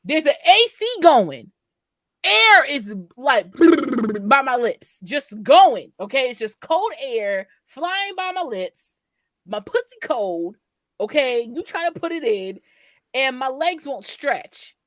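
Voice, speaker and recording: A young adult woman co-hosting a podcast, telling a frank story in a profane, animated way. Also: high voice, takes it slowly, no echo, studio quality. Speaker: podcast co-host. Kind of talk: candid storytelling chat.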